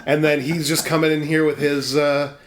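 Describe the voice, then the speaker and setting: A man's voice: fairly high pitch, little pitch movement, normal speed, a loud crowd. A man co-hosting a casual lore podcast, chiming in with jokes and laughter. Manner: joking, laughing interjections. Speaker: podcast co-host.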